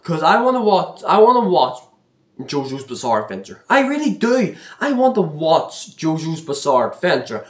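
A man's voice: high-pitched, a bit bright, roomy sound. A man ranting casually to camera, exasperated and complaining, rambling and repeating himself with many restarts. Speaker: vlogger.

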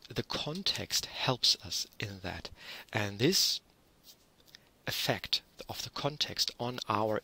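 A man giving an online university lecture, explaining in a measured way with frequent ums and restarts. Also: fairly low pitch, sharp tone, slightly rough, poor audio.

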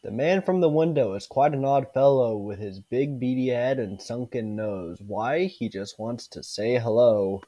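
A man reading a creepy rhyming storybook aloud, slowly and stumbling over words. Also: medium pitch, dark tone, no room sound, highs cut off, pitched below the performer's own voice, lightly acted. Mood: eerie. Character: spooky storybook narrator.

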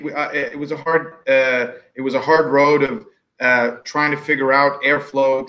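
A man with a fairly high voice speaks as a guest pitmaster in an informal panel chat. He tells his stories in an animated, chatty manner and often restarts his sentences. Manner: animated storyteller, warm and chatty. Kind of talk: casual panel discussion.

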